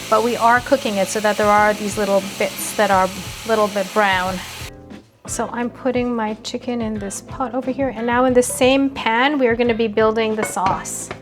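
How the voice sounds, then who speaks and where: A woman hosting a cooking video, chatting playfully as she walks through each step of a recipe. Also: on the high side. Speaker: cooking show host. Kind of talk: casual cooking demonstration. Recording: background music under voice.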